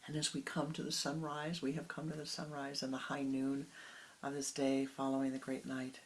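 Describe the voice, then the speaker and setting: A spiritual teacher giving a meditative sermon, speaking slowly and softly, often sinking into a whisper, with long pauses. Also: medium pitch, completely flat delivery. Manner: slow, soft, often dropping into whispers; unhurried with long pauses, halting restarts.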